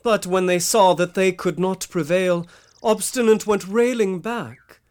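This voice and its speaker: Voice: mid-range voice, steady tone, unhurried, darkish tone, natural voice. A performer voicing a humble, burdened male pilgrim who speaks earnestly in old-fashioned formal English in a radio drama.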